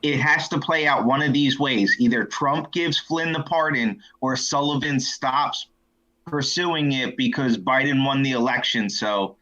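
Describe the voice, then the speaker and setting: A man's voice: medium pitch, unhurried, bright, forceful tone. A man calling into a talk show, bluntly pressing the host for answers. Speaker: caller. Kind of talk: casual call-in questions. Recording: muffled call-in line.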